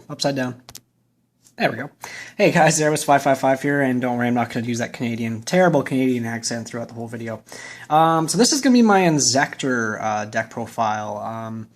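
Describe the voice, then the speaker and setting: A man hosting his own channel, giving a casual, chatty and opinionated walkthrough of a card deck. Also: mid-range voice. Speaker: YouTube card game channel host.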